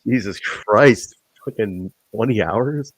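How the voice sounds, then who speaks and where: A young man hosting a podcast, telling backstage stories in an animated, laughing, profanity-filled way. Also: lowish voice, takes it slowly, slightly rough, no room sound. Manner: animated, swearing, laughing storyteller. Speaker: podcast host. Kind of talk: casual chat.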